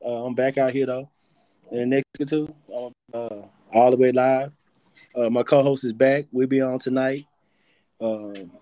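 A man's voice: mid-range voice, dark tone, no room sound. A man hosting a live audio-room show, talking loosely and profanely as he teases his guests. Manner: loose, profane, teasing banter. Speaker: podcast host.

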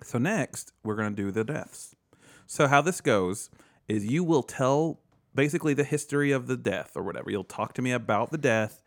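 Animated jokey man hosting a podcast. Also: medium pitch, normal speed, dry recording, studio quality. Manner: animated, jokey, laughs often, mimics voices. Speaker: podcast host. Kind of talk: casual podcast chat.

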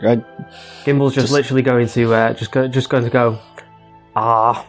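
A man playing a tabletop game, describing in a halting way what his character does. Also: mid-range voice, steady tone, faint music behind. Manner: halting, hesitant, with restarts.

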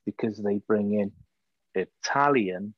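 A man's voice: fairly low pitch, takes it slowly, no room sound, dull audio. A man with a Welsh accent, chatting casually as a guest and telling stories with plenty of swearing. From Wales. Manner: laid-back storyteller who swears freely. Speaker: podcast guest, former hockey player. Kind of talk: casual chat.

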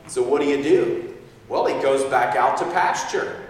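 Preacher, echoey hall from afar. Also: male voice, medium pitch, moderate pace. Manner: animated, acts out quotes, chuckles often. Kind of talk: sermon storytelling. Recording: distant mic in echoey hall.

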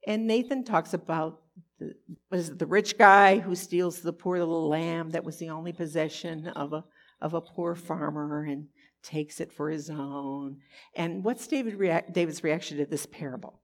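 A woman teaching a conversational Bible lesson, animated and expressive, often asking her listeners rhetorical questions. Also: sits low, moderate pace.

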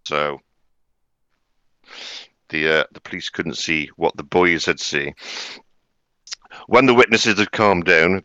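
Deep, bright-toned man, crude storyteller. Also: dry recording, lo-fi sound. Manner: crude, rambling, filler-heavy. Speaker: podcast host. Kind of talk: casual comedic storytelling.

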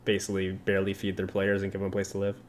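A man's voice: low-pitched, completely flat delivery, very fast. A man in a casual esports chat, asking unsure questions.

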